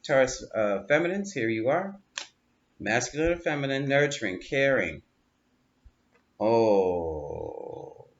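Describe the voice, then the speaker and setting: A man's voice: mid-range voice, big pitch swings, slow pace, pauses often. A man reading tarot cards, talking in a chatty, coaching way, often repeating words and breaking into laughter. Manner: coaching, reassuring tone. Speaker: tarot reader. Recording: dull lo-fi audio with faint room ambience.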